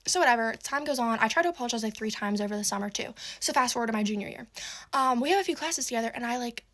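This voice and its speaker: A teenage girl telling a story in a casual, exasperated way, full of "like" and quick asides. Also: fairly high pitch, lively intonation, a bit bright. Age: teens. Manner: fast, exasperated, heavy use of "like".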